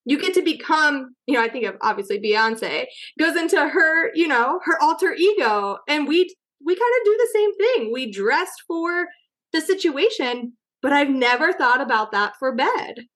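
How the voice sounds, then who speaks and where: A woman's voice: sits high, animated, moderate pace, a bit bright. A woman hosting a podcast interview, chatting casually and reacting with gushing enthusiasm. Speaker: podcast host.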